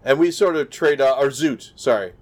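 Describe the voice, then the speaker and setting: A man's voice: medium pitch, normal speed. A man co-hosting a podcast in casual chat over a video call, rambling with many fillers and restarts. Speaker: podcast co-host.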